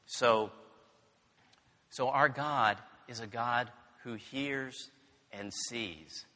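A male pastor preaching slowly and earnestly in a bright, fairly high voice. He talks in a chatty way and weaves in stories from home. A long hall reverb trails every phrase. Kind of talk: sermon.

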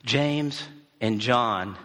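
A man's voice: medium pitch, extremely slow, a bit bright. A man giving a sermon in a church hall, speaking emphatically and repeating key phrases.

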